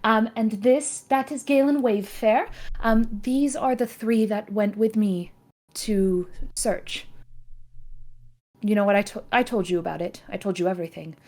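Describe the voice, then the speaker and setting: Woman voicing an eager young adventurer, chatty, mid-pitched, tabletop game. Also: fairly even intonation, unhurried, darkish tone. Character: lively young noble daughter, adventurer.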